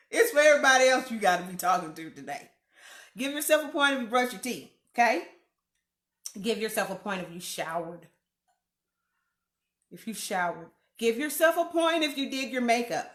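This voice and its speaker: A woman's voice: fairly high pitch, sing-song, normal speed, long pauses, a bit bright. A woman hosting a casual live stream from home, greeting viewers by name and laughing often. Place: room at home. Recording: echoey room.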